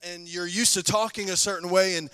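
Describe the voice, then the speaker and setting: A man preaching a passionate sermon as pastor, telling his own testimony and swinging between loud bursts and hushed lines. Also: high voice, steady tone, a little fast, clean tone, in a large hall.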